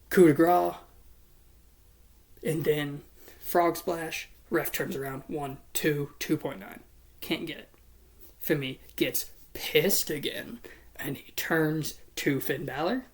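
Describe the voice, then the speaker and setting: Speaking casually at a middle pitch, someone narrates imagined wrestling matches blow by blow as a storyteller. It's an informal solo commentary, blunt and full of swearing but with a playful edge.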